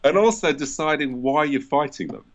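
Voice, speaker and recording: A man with a British accent and a baritone voice, answering interview questions as a historian, making his points with a dry, self-deprecating laugh. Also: expressive, moderate pace, muffled recording. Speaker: historian guest.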